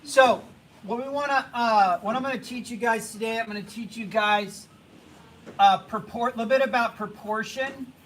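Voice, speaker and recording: A young man teaching a drawing class, talking casually and haltingly, repeating himself and hushing the students. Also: very high-pitched, a little hiss or hum, poor audio. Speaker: art teacher.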